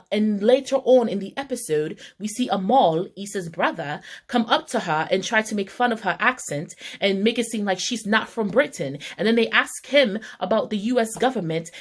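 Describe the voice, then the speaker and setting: A woman giving a casual, opinionated TV episode recap in heated, slangy talk. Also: medium pitch. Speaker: TV recap vlogger.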